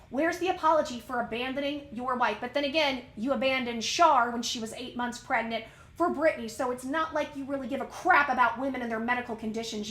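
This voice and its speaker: High bright-voiced woman ranting in echo. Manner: heated, ranty, asks the audience questions. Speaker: celebrity gossip vlogger. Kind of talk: news reading turning into a rant.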